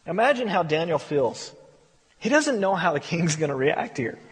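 Pastor, male, high-pitched and husky, conversational Bible teacher, reverberant hall. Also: big pitch swings, normal speed. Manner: conversational, repeats words when emphatic.

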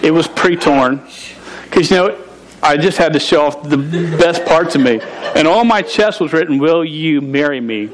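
Male pastor, thirties, funny animated storytelling, stammers, slightly high voice. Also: moderate pace, crowd noise, low-quality recording. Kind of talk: sermon with personal story.

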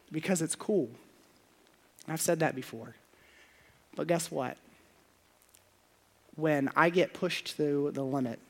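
A man preaching a sermon as pastor, confessional, going from hushed prayer to loud, playful asides. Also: a little high, vocal fry.

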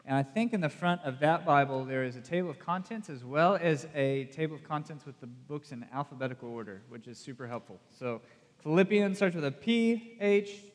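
Southern-accented male pastor, casual and self-deprecating, slightly higher voice, long hall reverb. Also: expressive, a little fast. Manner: chatty, self-deprecating, direct questions to the audience. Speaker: youth pastor. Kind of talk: casual conversational sermon.

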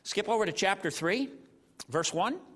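A man preaching a sermon in an animated, conversational way, often saying "you know.". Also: high voice, moderate pace. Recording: long hall reverb.

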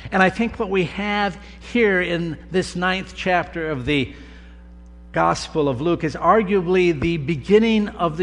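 A man preaching a sermon, with slow, deliberate delivery and emphatic pauses. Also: fairly high pitch, a bit bright. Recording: long reverb of a large hall, faint hum.

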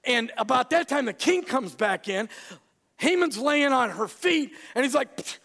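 Animated male preacher in a reverberant hall. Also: extremely high pitch, measured pace. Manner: animated storyteller, acts out voices. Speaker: pastor. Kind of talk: sermon.

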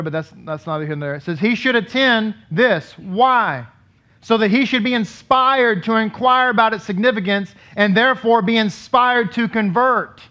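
Rabbi guy giving a sermon, chatty, keeps asking the room stuff, high voice, muffled lo-fi sound. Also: sharp tone. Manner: conversational, asks the congregation questions. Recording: dull lo-fi recording.

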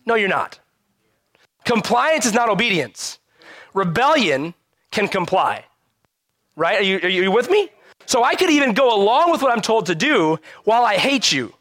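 A pastor with a high-pitched male voice, preaching a lively, conversational sermon that keeps turning to the listeners with quick rhetorical questions. The sound is dry and close, with no room echo. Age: adult parent.

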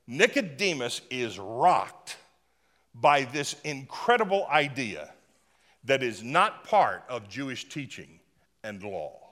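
A man preaching a sermon as pastor, lively, humorous and emphatic. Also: medium pitch, long reverb tail.

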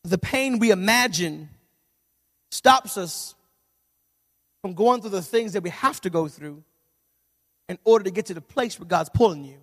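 High-voiced preacher telling funny stories. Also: male voice, unhurried, pauses often. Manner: animated, humorous storytelling that swells into shouting. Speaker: pastor. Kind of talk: sermon. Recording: reverberant hall.

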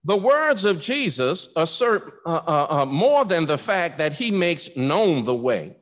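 A man preaching in a church, his voice high and swooping with lively rises and falls. He talks to the congregation in a conversational way, doubling words as he starts a thought, and the sound rings with a long hall reverb. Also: unhurried. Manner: repeats words when starting phrases, conversational and emphatic. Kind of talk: sermon.

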